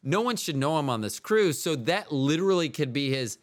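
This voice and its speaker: A man's voice: fairly high pitch, animated, brisk. A man hosting a solo podcast, talking in a meandering, wry way that keeps interrupting itself. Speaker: podcast host. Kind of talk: rambling solo podcast monologue.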